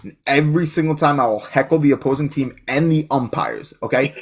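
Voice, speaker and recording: A man's voice: a little high, a little fast. A man with a New York accent telling brash stories in a casual sports podcast chat. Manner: brash, loud storyteller who mimics his own yelling. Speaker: podcast co-host.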